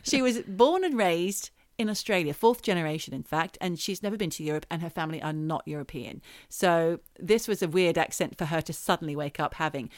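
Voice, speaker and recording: A woman's voice: on the low side, fairly quick, hardly any pauses, no room sound, clean studio sound. Chatty woman telling stories on a podcast. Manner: storytelling, chatty and playful. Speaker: podcast co-host. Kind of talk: casual chat.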